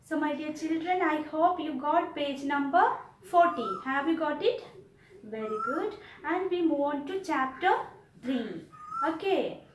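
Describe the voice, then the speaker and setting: Indian lady teaching kids english, slow and repetitive, sounds far from the mic in a roomy space. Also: high voice, slight background noise. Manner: repeats and explains slowly to children. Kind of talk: online class lesson.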